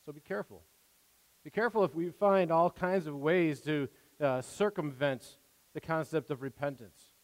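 Preacher with a high-ish voice in a reverberant hall. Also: male voice. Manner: earnest, conversational preaching with restarts and acted-out quotes. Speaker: pastor. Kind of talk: sermon.

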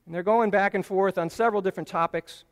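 A man's voice: high-pitched, steady tone, fast, in a large hall. A man preaching a Bible teaching sermon, earnest and explanatory, leaning on key phrases for emphasis.

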